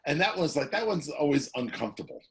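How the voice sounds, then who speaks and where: A man's voice: on the high side, fast talker, slight background noise. A radio personality man in a casual comedic chat over a video call, laughing often as he tells stories. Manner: laughs often, animated storytelling.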